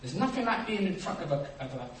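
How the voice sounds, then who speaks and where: A man preaching a sermon, acting out dialogue and swinging from quiet reflection to loud, animated storytelling. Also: fairly high pitch, fast talker. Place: church hall. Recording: echoey hall, distant mic, noisy.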